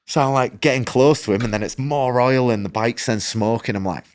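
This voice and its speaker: A man, a motorcycle racer, telling a story as a podcast guest in a casual, animated way, acting out his own and others' words and using "like" often. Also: mid-range voice, fairly quick, no echo. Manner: animated, acts out quoted exchanges, frequent "like" fillers.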